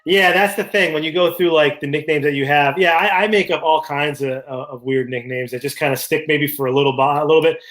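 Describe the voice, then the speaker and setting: Rambling male co-host, slightly high voice. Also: brisk, few pauses, fairly bright tone. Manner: rambling, anecdotal, frequent fillers. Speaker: podcast co-host. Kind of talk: casual chat.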